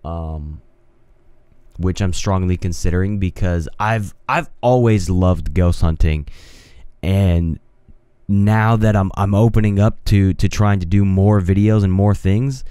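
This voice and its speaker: Low, dark-voiced young man rambling. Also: unhurried, smooth, dry recording. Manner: rambling, hesitant, many restarts and fillers. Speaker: podcast host. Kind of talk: casual solo podcast. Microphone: studio mic on a home mixer setup.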